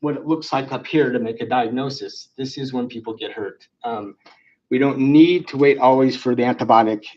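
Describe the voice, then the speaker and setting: A man's voice: medium pitch, moderate pace, darkish tone. A man lecturing on psychiatry in a conversational way, with frequent fillers and restarts. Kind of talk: clinical lecture. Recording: dull lo-fi lecture recording.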